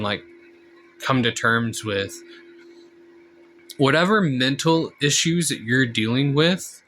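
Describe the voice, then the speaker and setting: A man vlogging in a candid, unscripted monologue. He is blunt, frank and swears freely. His voice is bright and pushing, sitting at an average male pitch. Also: slight background noise.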